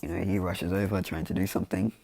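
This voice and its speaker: Casual storyteller, man, low and gravelly, rambling with endless fillers. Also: fairly even intonation, quick pace, a little mellow, no room sound. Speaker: fan storyteller.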